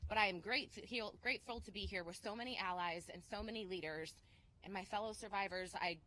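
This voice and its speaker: A woman who lost her mother to gun violence, giving an urgent, forceful speech at an outdoor press conference. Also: mid-range voice, a little fast, low-quality recording. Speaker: gun violence survivor and activist.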